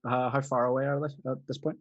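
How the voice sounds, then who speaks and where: A player in an online tabletop game, checking distances in a casual tone. His voice is husky and dry, with nothing echoing around it. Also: mid-range voice, little pitch movement, quick pace, muffled recording. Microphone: video call.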